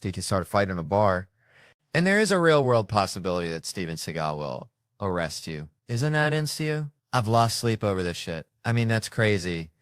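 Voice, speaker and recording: A man performing an animated, profane stand-up comedy routine on a handheld stage microphone. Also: lowish voice, normal speed, dry recording.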